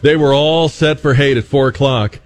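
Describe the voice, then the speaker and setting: A man's voice: medium pitch, moderate pace. A man hosting a talk radio show, joking wryly with a lot of restarts. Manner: wry, joking, animated with many restarts.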